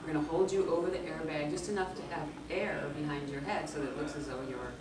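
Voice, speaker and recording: A woman guest at a convention Q&A, telling a lively anecdote, acting out the quotes and laughing often. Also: deep voice, fast talker, crowd noise. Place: large echoey convention hall. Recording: echoey hall, distant mic, background noise.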